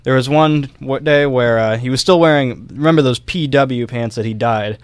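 A man's voice: mid-range voice, moderate pace, smooth, no room sound. A young man co-hosting a casual history podcast, telling a story loosely with fillers and small laughs. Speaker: podcast co-host.

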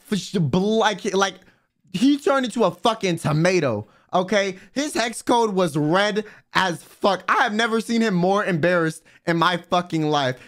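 A young man with a somewhat high voice tells stories on his livestream. His pitch leaps around as he talks, and he swears freely and fills his speech with filler words. It is loose, casual storytime chat. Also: a bit bright. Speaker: vtuber livestreamer.

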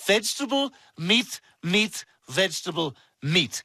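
A man's voice: high voice, very animated, measured pace, pushed and bright, breathy edge, no echo, full character voice. A man voicing a pompous, bossy infant boy who is tipsy and giggly.

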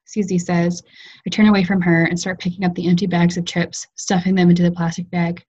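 Woman writer, literary reading, measured storytelling, husky low voice, muffled video-call sound. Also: flat delivery, a little mellow. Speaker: fiction writer reading her work.

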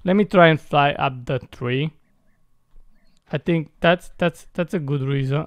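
An excitable young man commenting on his gameplay in a high, clear voice, talking slowly between loud yelps. The recording is close and dry. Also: dry recording. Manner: playful slangy talk. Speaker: gamer.

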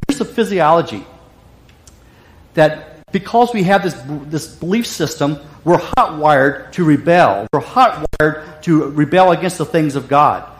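A man's voice: high-pitched, roomy sound. A man preaching a sermon as pastor, emphatic and repetitive with frequent restarts.

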